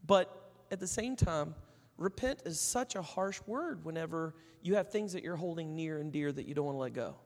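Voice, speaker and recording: A man's voice: fairly high pitch, animated, normal speed, long reverb tail. A man preaching a sermon in a conversational way, telling stories and acting out the people in them. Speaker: pastor.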